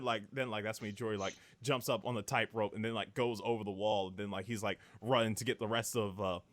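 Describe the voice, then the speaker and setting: Podcast host, male, slightly high voice; casual, filler-heavy plot recap with acted-out lines. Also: pushed and bright. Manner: rambling, many fillers, acts out characters' lines.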